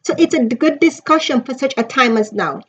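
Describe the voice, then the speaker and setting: A woman who writes books reviews one in a casual vlog, talking earnestly and emphatically to her viewers. Her voice is high and bright in pitch. The audio sounds a little dull and lo-fi. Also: animated, a little fast, husky. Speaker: author reviewing a book.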